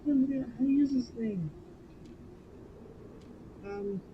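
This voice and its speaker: A woman chats through a live game stream in an unhurried way, breaking into nervous, jumpy outbursts. Her talk is slow and casual. A clear layer of noise runs behind her voice. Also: a little high, lo-fi sound.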